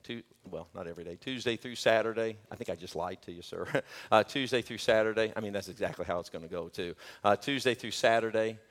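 A male pastor preaching a sermon, swinging from shouted peaks to joking, chatty asides. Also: on the low side, fast talker, hardly any pauses. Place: church sanctuary. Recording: long church hall reverb.

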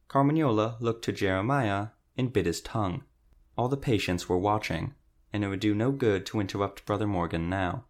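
A man narrating an audiobook in a steady, even reading voice. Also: lowish voice, moderate pace. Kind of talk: scripted narration.

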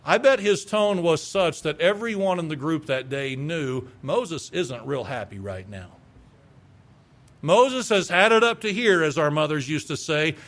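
A man's voice: a little high, fairly bright tone. A man preaching a sermon, reading scripture aloud and asking his congregation rhetorical questions. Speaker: pastor.

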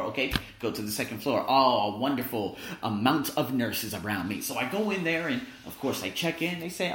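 Animated man telling stories, roomy echo. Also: medium pitch, fast, few pauses, slight background noise. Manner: animated, acts out quoted voices, swears casually. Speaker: podcast host. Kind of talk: casual storytelling monologue. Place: living in Thailand.

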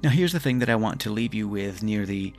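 A man with a low, gravelly voice talks the listener through a reflective self-help podcast. He keeps coaching gently, posing question after question to his audience. Soft music sits faintly beneath him. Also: lively intonation, a little fast. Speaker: podcast host. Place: lives in Scotland.

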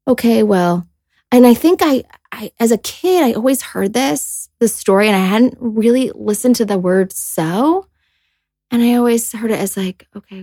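A woman's voice: fairly high pitch, vocal fry, mellow, no echo. A woman co-hosting a casual faith podcast, reading scripture aloud and reflecting on it in an earnest, chatty way with many "like"s. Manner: chatty and earnest, many "like"s, voices quoted people. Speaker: podcast co-host.

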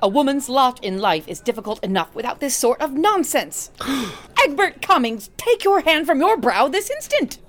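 A woman's voice: high voice, big pitch swings, normal speed. A woman voicing a proper, disapproving fiancée who speaks in clipped, scolding tones, in radio drama acting. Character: prim, disapproving fiancée of the critic.

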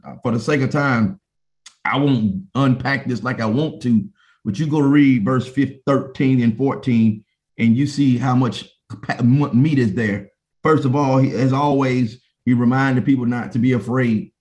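A man's voice: mid-range voice, darkish tone. A man preacher delivering a sermon in a passionate, repetitive, call-and-response manner.

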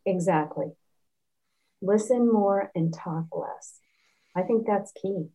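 A woman's voice: medium pitch, takes it slowly, warm tone, low-quality recording. A woman hosting a casual sales podcast, giving short agreeing replies and asking questions. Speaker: podcast host, sales director.

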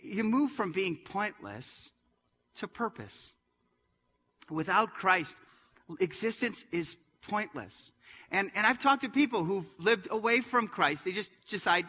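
A middle-aged man preaching a sermon as a pastor, swinging between loud, forceful passages and hushed, quiet ones. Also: sits high, slightly rough. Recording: long hall reverb.

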